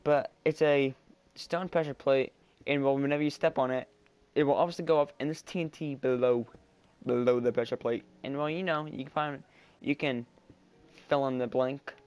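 Rambling excitable young-sounding gamer man. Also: mid-range voice, moderate pace, clear, resonant tone. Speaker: gameplay commentator. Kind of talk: let's-play commentary. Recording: quiet background music. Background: faint background music.

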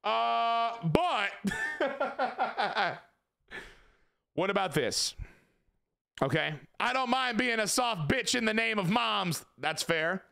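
A man's voice: high voice, lively intonation, takes it slowly, creaky, bright, forceful tone, clean tone. A man streaming a game, chatting casually with his viewers, swearing and joking as he rambles. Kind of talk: casual live-stream chat.

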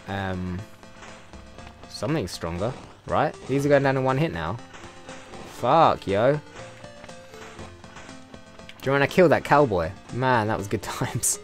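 A man with a British accent giving sarcastic, profanity-laced commentary while playing a video game, often breaking into loud excited yelps. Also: on the low side. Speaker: let's play host. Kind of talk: casual gameplay commentary.

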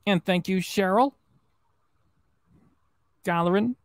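Male stream host, mocking and rambly, gravelly, dry close mic. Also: high voice, slow, dry recording. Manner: mocking, rambling, repeats himself. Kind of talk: livestream reaction, reading viewer chats.

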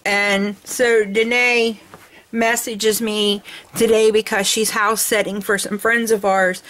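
A middle-aged woman hosting her crafting vlog, gushing with excitement and laughing often. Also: medium pitch, slow pace. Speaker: crafting channel host. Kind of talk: casual vlog chat.

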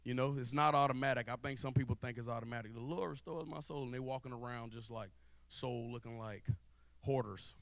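A young man preaching a lively sermon in church. He jokes and calls out to the congregation in a casual, playful way. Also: mid-range voice, fairly quick, no room sound. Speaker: guest preacher. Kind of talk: lively church sermon with spoken-word rap. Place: church sanctuary before a live congregation.

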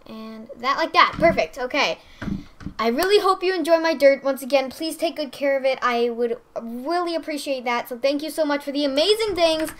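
A young woman hosting let's play commentary, gushing and excitable with frequent squeals and giggles. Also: high voice, moderate pace. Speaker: gaming channel host.

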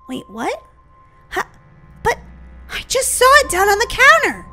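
A woman's voice: very high voice, big pitch swings, moderate pace, pauses often, pushed and bright, soft background music. A woman hosting a game roleplay, talking jittery and dramatic as her character. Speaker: host.

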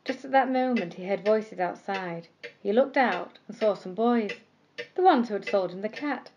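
Gentle woman reading a bedtime story. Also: medium pitch, husky, highs cut off. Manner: gentle, expressive, slowing for emphasis. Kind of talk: scripted bedtime story narration.

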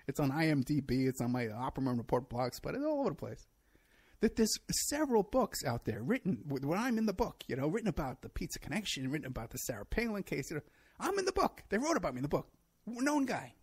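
Gravelly, sarcastic man ranting on his show. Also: fairly high pitch, wildly swooping pitch, quick pace, darkish tone. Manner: rambling, sarcastic, laughs at his own points. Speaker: show host. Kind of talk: solo monologue commentary.

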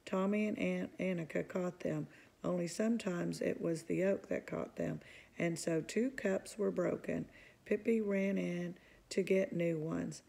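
A woman reading a children's book aloud in a calm, even narrating voice. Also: fairly low pitch, a little slow, creaky, breathy edge. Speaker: storybook reader.

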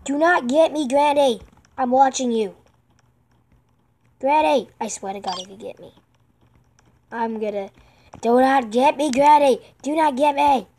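A woman giving excitable let's-play commentary while gaming online with friends, yelping, pleading with the game and repeating herself. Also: sits high, a little slow, long pauses. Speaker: gamer playing online with friends.

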